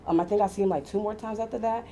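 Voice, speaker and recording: A woman's voice: medium pitch, rapid-fire, slight background noise. A woman in her thirties casually telling a personal story, acting out what others said. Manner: animated, acts out quoted voices, laughs often.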